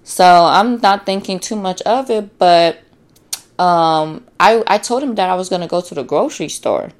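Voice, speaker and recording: A low-pitched woman talks straight into her own podcast in a loose, unscripted monologue. She is blunt and freely profane, calls her listeners y'all, and slips into acted-out voices to make a point. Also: moderate pace. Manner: blunt, profane and animated, acts out quotes. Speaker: podcast host. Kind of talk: casual solo podcast monologue.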